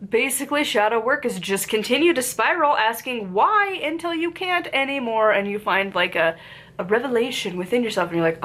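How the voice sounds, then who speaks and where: A woman reviewing a witchcraft book in a casual, rambling way, full of "like" fillers and lively asides, her voice congested from a lingering cold. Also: on the high side, fairly quick. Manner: chatty, lots of "like" fillers, animated asides.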